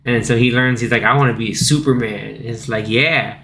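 A man's voice: mid-range voice, steady tone, a little fast, fairly bright tone, slight background noise. A man in his thirties hosting a casual podcast chat, talking loosely with lots of fillers and acting out quotes in little put-on voices. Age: 30s. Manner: chatty, acts out lines from the film in quoted voices. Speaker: podcast host.

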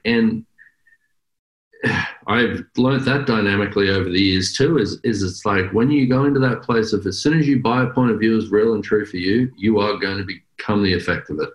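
Low-voiced Australian man, roomy echo. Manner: animated, laughing, acts out quotes. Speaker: podcast host. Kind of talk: casual podcast chat.

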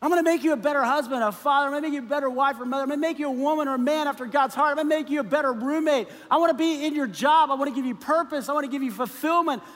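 An earnest, loving savior pleads and makes emphatic promises, as a man acts him out within a sermon. The voice is very high, and a long hall reverb trails each phrase. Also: rapid-fire, few pauses, fairly bright tone.

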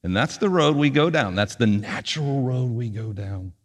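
A man preaching a sermon as pastor, with punchy emphasis that drops to quiet asides. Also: medium pitch, expressive, normal speed, in a large hall. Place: church sanctuary.

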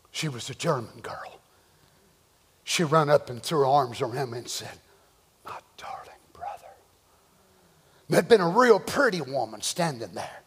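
A man preaching a sermon, moving from hushed whispers to shouted cries as he acts out the voices he quotes. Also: medium pitch, breathy edge, big-room sound. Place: church.

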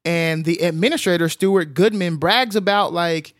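A man casually retelling a film's plot as a podcast co-host, animated and full of filler sounds. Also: a little high, moderate pace, hardly any pauses, no echo, studio quality. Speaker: podcast co-host recapping a film. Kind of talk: casual film recap chat.

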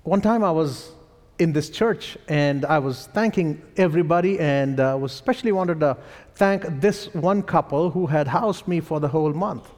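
In a reverberant church sanctuary, a pastor with an Indian accent preaches a sermon, telling animated stories and chuckling between lines. His voice is fairly high-pitched, at a normal speed.

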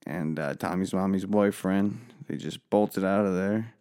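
Smooth low-voiced man telling a rambling tale. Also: fairly even intonation, a little slow, dark tone. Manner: rambling, profane, filler-heavy. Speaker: storyteller. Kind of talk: comic profane storytelling.

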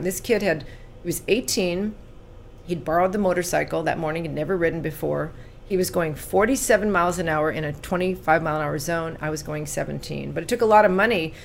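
A woman in her sixties from California recounts her past as an interview guest. Her low voice has a gravelly edge, and she turns earnest and lively in the telling, then goes quiet on the painful parts. A faint noise sits under the recording. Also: fairly quick. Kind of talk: personal storytelling in an interview.

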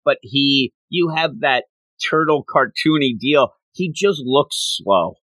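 A man talks through a comic chapter in loose, rambling podcast chat, with plenty of chuckles. His voice is bright and forward. The sound is dry and close, with no room echo. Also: mid-range voice, expressive, slow pace. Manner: chatty, rambling, frequently laughing.

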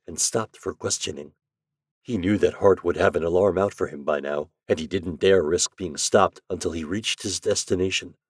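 A man narrating a dramatic story in a steady voice, building intensity as he goes. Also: low voice, husky, no room sound, clean studio sound.

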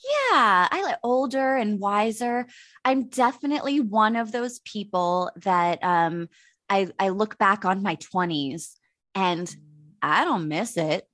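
Lively, laughing American woman host. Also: medium pitch, takes it slowly, dry recording, clean studio sound. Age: 30s. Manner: casual, swears, laughs a lot. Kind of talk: casual chat.

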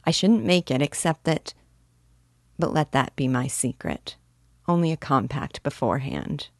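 A woman voicing a frank, cautious young woman in an audiobook reading, measured and gently firm. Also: a bass voice, sing-song, no room sound, studio quality, full character voice.

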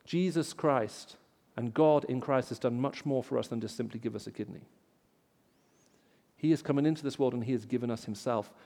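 A man with an English accent, raised in the Middle East, preaching a sermon in an auditorium and telling stories, rising loud for emphasis. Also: mid-range voice, fairly quick, big-room sound. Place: large auditorium.

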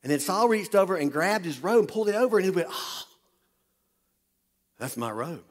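A man preaching a sermon, retelling a Bible story with animated energy and calling on the congregation to listen up. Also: high-pitched, racing. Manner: animated, talks directly to the congregation. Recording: long hall reverb.

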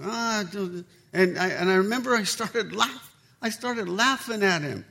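Pastor, man, high voice, energetic storyteller who plays out the dialogue in his sermon. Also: unhurried, vocal fry. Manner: animated storytelling, acts out quoted dialogue.

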